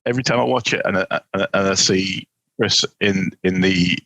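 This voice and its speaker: A husky man co-hosting a film podcast rambles playfully, starting his sentences over and over. His voice is on the low side, recorded dry and close. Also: steady tone, a little fast, fairly bright tone, no echo, poor audio. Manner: rambling, many restarts, playful. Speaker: podcast co-host. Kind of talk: casual film review chat.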